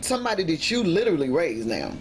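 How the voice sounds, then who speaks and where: A woman vlogger telling a personal story in an animated, emphatic way, acting out what people said. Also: deep voice, fast talker, a little hiss or hum. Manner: animated, emphatic retelling with acted-out quotes. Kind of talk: casual storytelling vlog.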